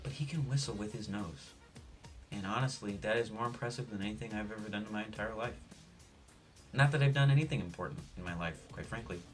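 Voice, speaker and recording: Deadpan rambling young guy vlogger. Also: on the low side, fast talker, soft background music. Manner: deadpan, rambling, self-mocking asides. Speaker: sports vlogger. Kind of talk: jokey sports preview monologue.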